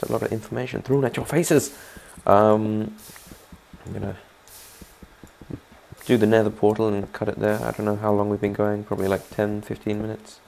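Gravelly man narrating his gameplay. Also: on the low side, darkish tone. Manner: rambling, chatty, asks viewers to comment. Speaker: gaming channel host. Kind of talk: let's play commentary.

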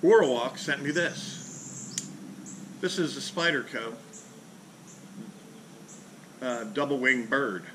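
A man's voice: medium pitch, slow, pauses often, fairly bright tone. A man, a fishing charter captain, ranting bluntly and profanely in a casual vlog, sitting outdoors under a carport. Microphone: camera mounted on the back of a boat. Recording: outdoor camera audio with clear ambient noise.

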